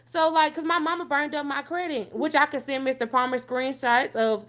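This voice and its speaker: A young woman talks through her own past. She is blunt and profane. She keeps pushing the story on with "so fast forward". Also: high-pitched, steady tone, fairly bright tone. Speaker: guest telling her life story. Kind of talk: candid personal storytelling on a call-in show.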